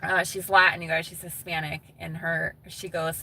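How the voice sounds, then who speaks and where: A woman's voice: fairly low pitch, flat delivery, normal speed, pushed and bright, breathy edge. A woman chatting casually with viewers on a live stream, reading their comments aloud and laughing often.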